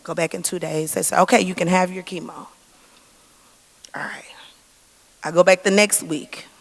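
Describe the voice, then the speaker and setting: A woman's voice: fairly low pitch, fairly even intonation, fast talker, gravelly. A woman gives an earnest church testimony, acting out the dialogue she quotes. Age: 40s. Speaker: cancer survivor giving testimony. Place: church sanctuary. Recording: long reverb of a church hall.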